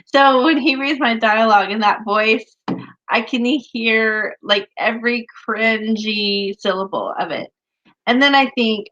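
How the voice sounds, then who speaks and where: A woman in her thirties or forties co-hosting a casual chat about writing, animated and full of fillers, laughing often. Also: on the high side, moderate pace. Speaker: podcast co-host, author. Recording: dull lo-fi sound.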